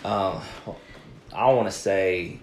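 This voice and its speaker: A man who is a pastor, chatting as a podcast guest and telling stories in an animated way. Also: sits low, takes it slowly, a little hiss or hum. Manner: animated storyteller. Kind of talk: casual interview chat. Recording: echoey room.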